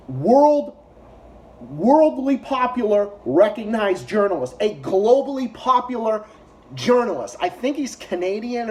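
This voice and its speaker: A man's voice: high voice, darkish tone. A man heckling video clips in a profane, sarcastic rant as a political commentary YouTuber. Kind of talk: ranting reaction commentary.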